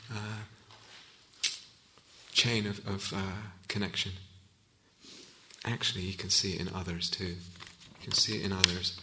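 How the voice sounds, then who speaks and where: Gravelly, bright-voiced male meditation teacher. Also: mid-range voice, slight background noise. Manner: reflective, unhurried, with restarts and searching for words. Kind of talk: Dharma talk. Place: meditation hall.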